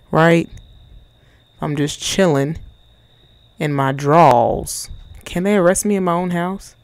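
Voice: medium pitch, slow, pauses often, no echo. A person giving casual, playful commentary while playing a video game, cracking jokes and talking back to the characters in slang. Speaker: gaming channel host.

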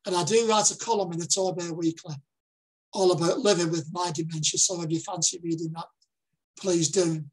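A man's voice: high-pitched, steady tone, fairly quick, husky, low-quality recording. An older man with a Lancashire accent, giving a heartfelt public talk as a dementia campaigner and repeating phrases for emphasis. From Lancashire, England. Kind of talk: public presentation.

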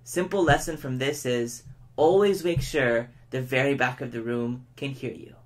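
A man giving a public speaking lesson, who shows each point by speeding up, slowing down and shifting his tone of voice. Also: medium pitch. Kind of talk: educational lesson to camera.

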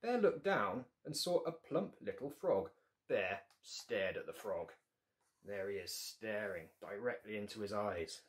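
A man's voice: on the low side, animated, a little slow, a little hiss or hum. A man reading his picture book aloud to children, with playful asides to young listeners.

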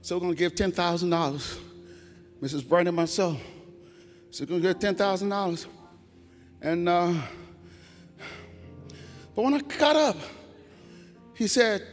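A middle-aged man giving a church testimony in a preaching cadence that swells into shouted, half-sung praise. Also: high voice, unhurried, long pauses. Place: large church sanctuary. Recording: long church reverb, faint organ music.

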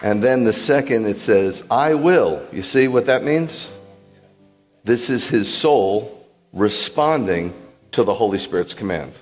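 A man, a rabbi, delivers a sermon at a measured pace in a lowish voice, soft background music audible in the large hall. He gives animated teaching to the congregation, often asking questions to see if they follow.

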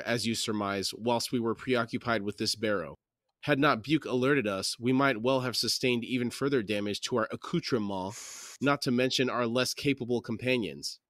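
A man voicing a suave, polite male necromancer in a fantasy audiobook reading, formal and unhurried. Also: medium pitch, a bit bright, no room sound, studio quality, natural voice.

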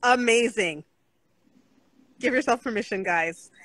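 Woman podcast host, bright forceful voice, earnest and encouraging, casual chat. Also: a little high, unhurried, dry recording, poor audio. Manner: earnest, encouraging, faith-centred, with restarts.

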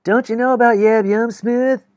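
A man voicing a boisterous young male poet with a loud, booming, teasing manner in an audiobook reading. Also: fairly even intonation, normal speed, no room sound.

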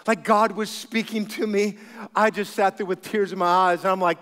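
A man pastor preaching a sermon, telling stories with animated humor. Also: high-pitched, moderate pace, big-room sound.

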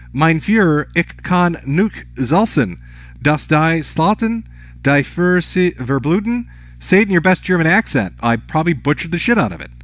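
This man's pitch sits fairly high, and the recording has no room sound. He's reading viewer chat aloud on a live stream, names included, and giving each message a short, casual response.

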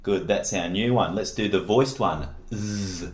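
A man's voice: low-pitched, measured pace. A man tutoring a child one-on-one in phonics, giving patient, encouraging drill prompts. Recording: echoey room.

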